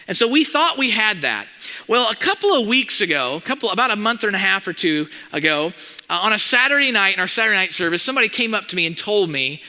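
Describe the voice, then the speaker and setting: A male pastor telling a story in a sermon, animated and acting out the conversations in it. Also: high voice, fast. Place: church auditorium. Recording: long hall reverb.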